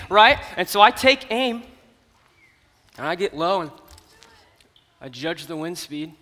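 A young man giving a comedic storytelling sermon at an event, animated and swinging from hushed to loud. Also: high-pitched, slow, long pauses. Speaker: youth speaker at an event. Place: large hall at an event. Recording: hall reverb from a stage.

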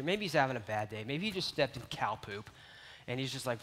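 A man preaching a sermon, telling a parable with lively, animated storytelling that swings between loud and quiet. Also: medium pitch, a little fast, slight background noise. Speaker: youth pastor. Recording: long reverb of a large hall.

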